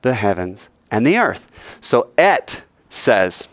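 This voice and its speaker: A man's voice: medium pitch, slow, no echo. A man leads a Bible class, firing questions at his listeners. His voice climbs and dips freely, and the recording is dry and close. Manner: animated, quizzes the class with questions. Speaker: Bible teacher.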